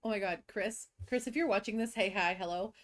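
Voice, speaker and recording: A young woman co-hosting a podcast with a stuffy cold, telling animated stories about her students and acting out their voices. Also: mid-range voice, brisk. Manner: animated storyteller who acts out kids and teachers. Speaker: podcast co-host, teacher. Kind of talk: casual chat, storytelling.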